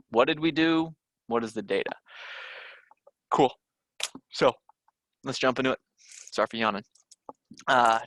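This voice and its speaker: A man's voice: fairly low pitch, fairly bright tone, no room sound. A man teaching a recorded test-prep lesson, talking through questions in a loose conversational way with frequent fillers and restarts.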